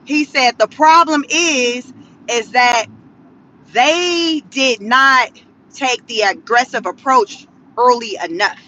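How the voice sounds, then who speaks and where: A woman vlogging from inside a car, giving sassy, animated commentary and laughing often. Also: sits high, takes it slowly, a little hiss or hum. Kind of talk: casual commentary vlog.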